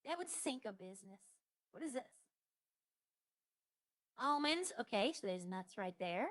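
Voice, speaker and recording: A young woman with a fairly high voice chats casually while streaming a roleplay game, musing aloud and listing items as she browses. The sound is dry and close, with no room echo. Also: expressive, measured pace.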